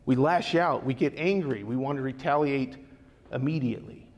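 Gravelly-voiced man preaching in a reverberant hall. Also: medium pitch, moderate pace. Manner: conversational, asks rhetorical questions. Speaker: pastor. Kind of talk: Bible study sermon.

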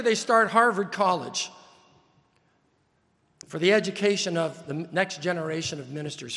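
Male preacher, emphatic list-building delivery, sharp bright tone. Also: sits high, long reverb tail. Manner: emphatic, building lists with rising stress. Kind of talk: sermon.

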